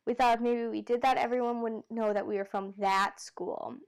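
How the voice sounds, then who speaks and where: A woman reading a novel aloud in a relaxed, unpolished way. She stops for chatty asides and often corrects herself mid-word, and her voice sits a little high. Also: moderate pace, smooth. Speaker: amateur reader. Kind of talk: casual read-aloud of a novel.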